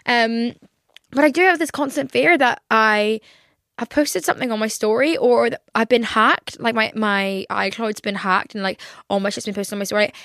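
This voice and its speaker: A woman's voice: medium pitch, a bit bright, dry recording, clean studio sound. A young woman in her twenties hosting a casual solo podcast, rambling, swearing a lot and acting out her own reactions. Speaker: podcast host.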